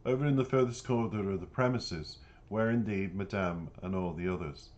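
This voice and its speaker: A good-humoured older guardian, fond and teasing, read by a man in his own low voice. Deep-pitched and easy, it stays close to the reader's natural tone. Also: normal speed, dull audio, natural voice. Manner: warm, teasing.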